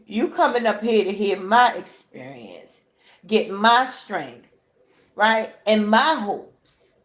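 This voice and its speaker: A woman's voice: mid-range voice, sing-song, takes it slowly. A woman giving an emphatic motivational talk to camera while crying, often checking in with "right?". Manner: emphatic, repetitive, keeps asking "right?". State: tearful, crying while talking. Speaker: vlogger.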